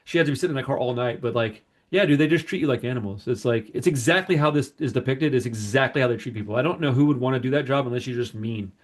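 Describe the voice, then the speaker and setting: A man's voice: medium pitch, fast, hardly any pauses. A man on a podcast telling a long personal story in casual chat, rambling and acting out the people he quotes. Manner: rambling, animated retelling with quoted voices. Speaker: podcast host.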